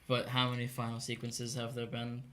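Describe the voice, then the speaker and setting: A man's voice: mid-range voice, monotone, a little fast, a bit bright, a little hiss or hum. A man co-hosting a community TV movie talk show, chatting in a wry, offhand way and laughing along. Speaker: co-host of a movie review show. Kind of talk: casual chat.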